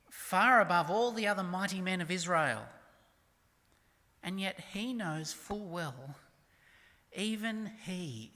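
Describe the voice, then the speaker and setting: Slow, bright-voiced preacher in a reverberant church. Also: mid-range voice. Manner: emphatic, swings from loud declarations to hushed near-whispers; reads scripture slowly and softly. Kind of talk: sermon.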